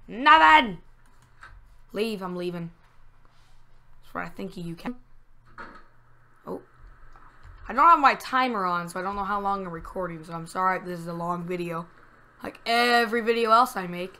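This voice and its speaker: A woman's voice: on the low side, normal speed, long pauses. A woman giving casual let's-play commentary from a home setup, talking to the game and bursting into squeals and groans. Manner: excitable, talks to the game, sudden squeals and groans. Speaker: gameplay commentator.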